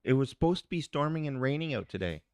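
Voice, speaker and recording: Man, live stream, Canadian accent, smooth voice, dry sound, chatting to viewers. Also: medium pitch, animated, fast talker, a little mellow, no echo. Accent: Canadian English. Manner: chatty, talks to viewers in the chat. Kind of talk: casual live-stream chat. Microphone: phone.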